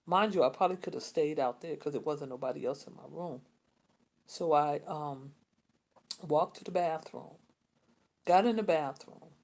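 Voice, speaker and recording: A woman, telling a personal story in a rambling, repetitive way with many restarts and pauses. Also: sits low, a little mellow. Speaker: vlogger.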